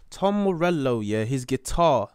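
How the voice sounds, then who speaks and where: A man hosting a music reaction show, chatting casually and reading viewer comments aloud in a playful, animated way. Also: mid-range voice, clean tone, dry recording, studio quality. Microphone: headphones on, close mic.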